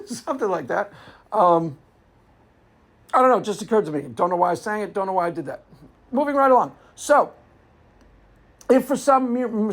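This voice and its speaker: A man's voice: sits high, fairly bright tone. Combative sarcastic man lecturing. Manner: combative, sarcastic, repeats rhetorical "Why?". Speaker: apologetics commentator. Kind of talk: argumentative monologue.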